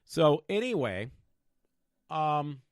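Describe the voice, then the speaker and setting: A man's voice: a little high, sing-song, very slow, no room sound, clean studio sound. A man in his fifties talking in a meandering, stop-start way with many fillers, hosting his own podcast. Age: 50s. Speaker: podcast host. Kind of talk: rambling personal vlog.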